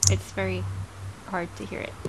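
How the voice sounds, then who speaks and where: A woman's voice: medium pitch, monotone, normal speed, rough recording. A woman chatting casually and giggling often while hosting a livestream. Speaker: livestream host, game developer.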